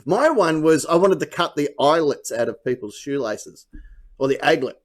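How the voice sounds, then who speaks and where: A man's voice: on the high side, animated, normal speed. Joking male comedy show host. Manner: joking, laughs at his own gags. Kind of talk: live comedy panel banter.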